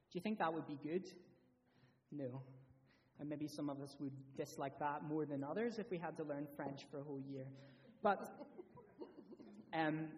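A man's voice: a little high, distant mic. Man giving a children's talk in church. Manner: asks the children lots of questions, lively and friendly.

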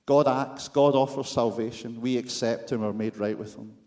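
A man's voice: medium pitch, fairly even intonation, moderate pace, mellow. A man with a Scottish accent preaching a sermon, with wry, self-deprecating humor and rhetorical questions to the congregation.

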